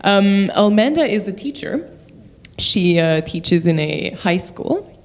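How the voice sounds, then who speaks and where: A woman's voice: medium pitch, very animated, slow. A woman from Quebec with a French Canadian accent, an actor chatting about her role in a stage play and laughing often. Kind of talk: interview chat.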